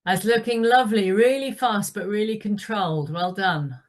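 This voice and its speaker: A woman's voice: medium pitch, normal speed. A woman leading an indoor cycling class, giving encouraging instructions and calling out the pedaling rhythm.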